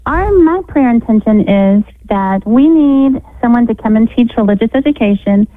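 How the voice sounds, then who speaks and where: A woman's voice: a little high, animated, normal speed, no echo. A woman calls in over a dry, tinny phone line. She explains things in a friendly, matter-of-fact way. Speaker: caller, school technology director. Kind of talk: phone call to a radio show.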